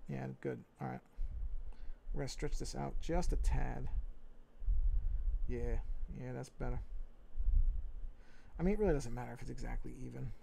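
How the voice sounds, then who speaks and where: A man with a New York accent, livestreaming as he draws, thinking aloud in a relaxed way, muttering to himself and correcting his own moves. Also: mid-range voice, moderate pace, vocal fry, pauses often, a little hiss or hum. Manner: talks to himself, muttering and repeating phrases. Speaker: livestreaming artist. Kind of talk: casual think-aloud commentary while drawing.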